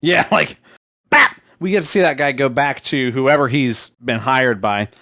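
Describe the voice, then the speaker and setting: A man's voice: mid-range voice, normal speed, a bit bright, dry recording. A male podcast co-host in casual chat, talking loosely with lots of fillers and swearing, laughing as he retells a story.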